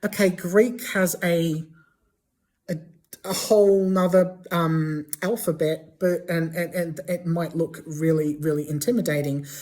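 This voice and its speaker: Halting woman vlogger with a lowish voice. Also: fairly even intonation, darkish tone. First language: not English. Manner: halting, many fillers and restarts. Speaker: language vlogger. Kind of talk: casual explainer to camera.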